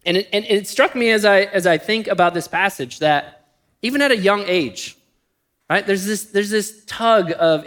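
A middle-aged man, a pastor, preaching a sermon and telling a personal story, speeding up in bursts and slowing down for emphasis. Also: sits high, fairly bright tone. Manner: storytelling, shifting between quick bursts and slow emphatic phrases.

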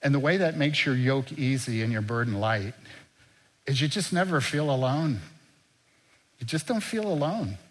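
An older man preaching a sermon as pastor, in an earnest, conversational way that drops soft and quiet. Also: medium pitch, lively intonation, normal speed, pauses often.

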